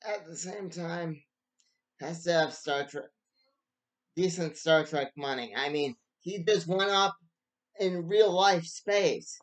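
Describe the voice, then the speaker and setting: A man's voice: on the high side, slow pace. A man giving a casual solo book review, rambling and stop-start with frequent restarts.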